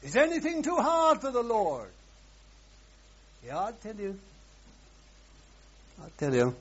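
A man preaching a sermon, swinging between loud, emphatic exclamations and hushed asides. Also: high-pitched, huge pitch swings, slow pace, husky. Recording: dull lo-fi sermon recording.

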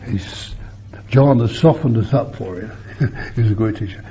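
Speaking unhurriedly in a fairly low pitch, an older man gives a sermon that moves between emphatic loud passages and hushed side remarks. The old recording is muffled, with a faint hiss beneath it.

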